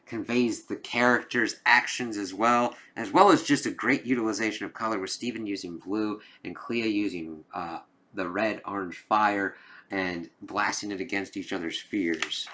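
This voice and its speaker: A man with a fairly low, fairly bright voice rambles loosely through a casual comic book review, dropping filler phrases and the occasional swear word.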